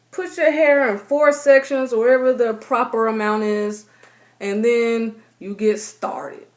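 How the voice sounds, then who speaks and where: A young woman, chatting casually to her camera and acting out her own thoughts in playful voices. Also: on the high side. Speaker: vlogger.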